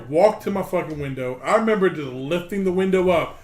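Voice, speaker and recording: A man co-hosting a gaming podcast, telling stories in a casual chat, swearing freely and animated. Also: high voice, fairly quick. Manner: profane, animated storytelling. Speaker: podcast co-host. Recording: roomy echo.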